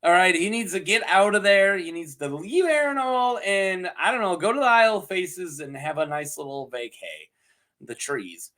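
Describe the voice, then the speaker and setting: A man chatting casually on his own as a show reviewer, laughing often and slipping into quick, goofy character voices. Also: sits high, lively intonation, pushed and bright. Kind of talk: casual solo review chat.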